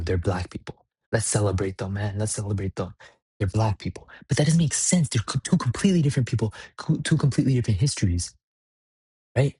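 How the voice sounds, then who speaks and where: A man's voice: on the low side, warm tone, slightly rough, no echo, clean studio sound. A young man vlogging in a blunt, profane, rambling rant. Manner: blunt, swearing, rambling with restarts. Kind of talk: profane ranting monologue.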